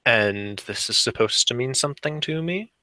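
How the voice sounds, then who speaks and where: A man's voice: mid-range voice, expressive, normal speed, sharp tone, no echo. A man voicing a wary, skeptical male adventurer in a tabletop game, speaking in dry, doubting questions. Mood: dismissive.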